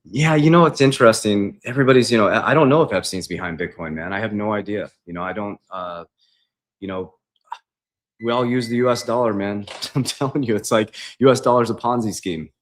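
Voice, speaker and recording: Speaking briskly in a deep, low voice, an investing coach runs a casual livestream Q&A from his kitchen at home. He reads viewers' questions out loud and answers them off the cuff, talking loosely and dropping "man" a lot.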